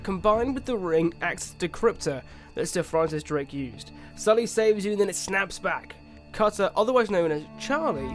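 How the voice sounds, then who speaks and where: A fairly high-pitched man talks through a video game review in quick, excitable bursts. He reacts loudly to the big moments. Game music plays clearly under his voice.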